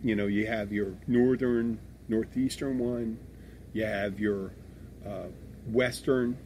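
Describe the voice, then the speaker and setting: A man's voice: on the low side, fairly even intonation, slow, a little mellow, slight background noise. Blunt rambling man from Philadelphia. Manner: blunt, swears freely, rambling restarts. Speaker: podcast co-host. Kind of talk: casual chat.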